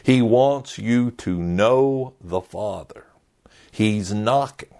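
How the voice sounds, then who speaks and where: A middle-aged man preaching a sermon as a pastor, earnest and emphatic with dramatic pauses. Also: lowish voice, darkish tone.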